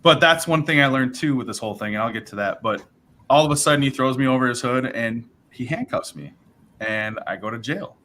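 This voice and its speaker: A man on a live stream telling a personal story in a casual, rambling way, tossing in "right?" and "bro" as he goes. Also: medium pitch. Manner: rambling, animated, acts out dialogue with fillers like right and bro. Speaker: livestream host telling his sobriety story.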